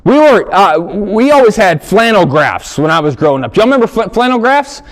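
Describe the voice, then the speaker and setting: High-voiced guy doing stand-up, super animated, jumps all over in pitch. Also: brisk. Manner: animated storytelling, acts out characters. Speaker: stand-up comedian. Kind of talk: stand-up comedy set. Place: stage before a live audience.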